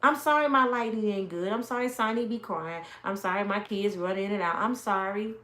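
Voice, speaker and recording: A woman's voice: mid-range voice, fairly quick, fairly bright tone, reverberant. Emphatic woman preaching from home. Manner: emphatic, storytelling, talks straight to viewers. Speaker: motivational speaker. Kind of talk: casual preaching live stream. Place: home, with kids in and out.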